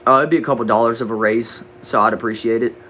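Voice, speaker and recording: A young man with a Southern accent from Texas, casually answering chat questions on a livestream in a relaxed, drawling way. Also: medium pitch, fast talker, slight background noise. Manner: laid-back, drawling, says bro and dude a lot. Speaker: livestream host reading chat. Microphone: desk microphone.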